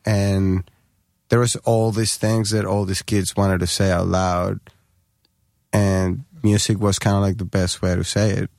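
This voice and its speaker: A man's voice: on the low side, flat delivery, a little slow, creaky, darkish tone, no echo, studio quality. A middle-aged man, a podcast guest chatting loosely with lots of fillers and swearing. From Colombia. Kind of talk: casual chat.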